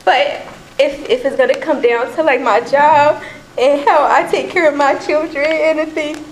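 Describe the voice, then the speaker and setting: A woman's voice: sits high, steady tone, moderate pace, a little hiss or hum, poor audio. A woman from Cincinnati giving an emotional, nervous public comment at a council meeting, earnest and pleading. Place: council chamber.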